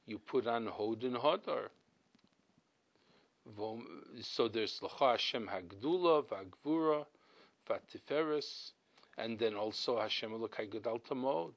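A middle-aged man leads a weekly religious class, speaking at a steady, mid-range pitch. His delivery is earnest and emphatic, full of restarts and repeated words as he explains each point. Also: unhurried, low-quality recording. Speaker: rabbi teaching a class.

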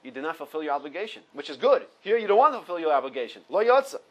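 Speaking fast with few pauses, this Torah teacher has a fairly high, very animated voice. He walks through Hebrew sources in an informal halacha class, explaining each step in English, mixing in Hebrew quotes and going back over the main points. The audio is low quality.

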